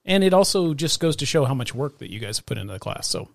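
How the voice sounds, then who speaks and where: Man, mid-pitched voice, laid-back and halting, dry close recording. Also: sing-song, creaky, no room sound. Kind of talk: casual chat.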